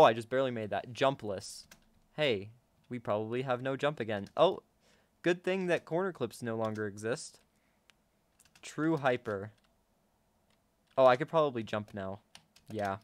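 Young male gaming streamer, chatty and excitable, clean dry close-mic sound. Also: medium pitch, dry recording. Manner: excitable, talks to viewers, gasps and laughs often. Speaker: gaming YouTuber. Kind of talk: casual gameplay commentary.

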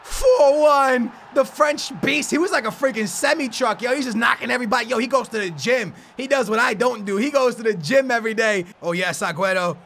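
A young man giving excited commentary over his own soccer video game match, yelling at goals and humming between plays. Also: extremely high pitch, fast talker, gravelly, hardly any pauses, a little hiss or hum. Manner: hyped, yelling at goals, playful banter; hums and sings snatches between plays. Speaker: gaming YouTuber.

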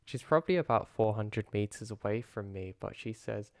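A man narrating a first-person horror story in an earnest, steady way. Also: lowish voice, brisk, creaky, dry recording, clean studio sound.

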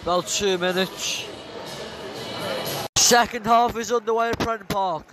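A man narrating his matchday vlog from a stadium stand, excitable and shouting, his voice hoarse from all the shouting. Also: high voice, measured pace. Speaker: football fan vlogger. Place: outdoors in a packed stadium stand. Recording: loud crowd noise over the voice. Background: loud chanting football crowd.

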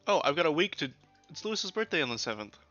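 Swearing casually as he jokes around with his chat, a man streams a let's play. He talks quickly with big pitch swings in a high, pushed, bright voice. The older desk mic sounds dull and lo-fi, and game music plays faintly.

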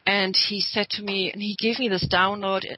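Guest, female, bright and clear, earnest storyteller, dry close sound. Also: mid-range voice, flat delivery, moderate pace, no room sound, rough recording. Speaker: radio guest. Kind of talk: storytelling on a talk show.

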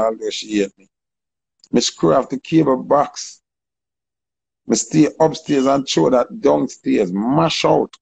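A Jamaican man telling a story in casual, animated patois, acting out the people he quotes. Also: medium pitch, rough recording. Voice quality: gravelly, husky.

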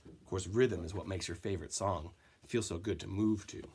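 A man teaching a music lesson to children, counting in and chanting rhythm syllables with gentle encouragement. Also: sits low, normal speed, a little hiss or hum.

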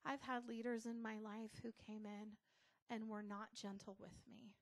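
A middle-aged American woman pastor giving a casual, conversational sermon with soft asides. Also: fairly high pitch, little pitch movement, normal speed.

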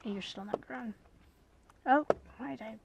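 A woman giving gameplay commentary, muttering and whispering to herself and scolding the animals in loud bursts. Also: fairly high pitch, unhurried, gravelly, heavy background noise. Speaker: gamer.

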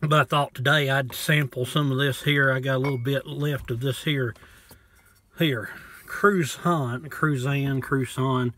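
A man casually reviewing a bottle of rum from inside his parked truck, talking in a folksy, low-key way and cussing now and then. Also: flat delivery, moderate pace, bright, forceful tone. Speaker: vlogger reviewing liquor.

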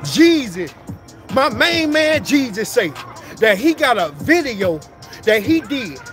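A man with a fairly high voice delivers street-slang motivation in a rolling, repetitive preaching cadence. A clear music bed runs under his voice throughout. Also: sing-song, takes it slowly. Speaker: motivational speaker.

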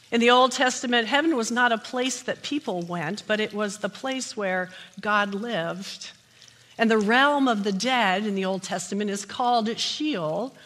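A woman pastor with a medium-pitched, fairly bright voice preaches a sermon in a church sanctuary full of long hall reverb. She opens with jokes before settling into steady teaching.

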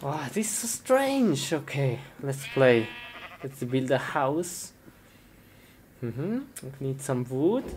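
A woman performing a comic skit in simple, broken phrasing, breaking into sudden high yelps. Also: very animated, slow. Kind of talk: comic live-action skit. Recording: noisy home recording.

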